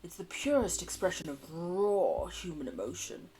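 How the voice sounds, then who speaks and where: A woman's voice: lowish voice, big pitch swings, normal speed, dark tone, a little hiss or hum, rough recording. A woman voicing a brooding, poetic goth dad in a dating game, speaking in a solemn, earnest way. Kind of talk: reading game dialogue aloud.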